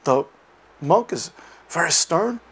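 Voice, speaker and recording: Man, Buddhist teacher, lecture, hesitant with fillers, animated storytelling, fairly high voice, gravelly. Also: takes it slowly. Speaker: dharma teacher.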